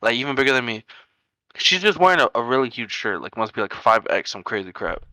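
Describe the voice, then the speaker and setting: A young man from New York tells rambling street stories on a casual podcast. His voice is bright and forward, and he fills his speech with "like" and "bro". The sound is close and dry. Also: mid-range voice, big pitch swings, fast talker, no room sound, poor audio. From New York area. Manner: rambling, laughing anecdotes full of "like" and "bro". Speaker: podcast co-host. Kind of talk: casual storytelling chat.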